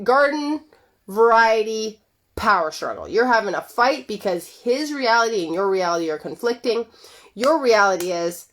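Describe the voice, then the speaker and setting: A woman relationship coach giving a conversational talk to her viewers, acting out quoted lines with lively shifts in voice. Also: medium pitch, normal speed. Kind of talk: direct-to-camera coaching talk.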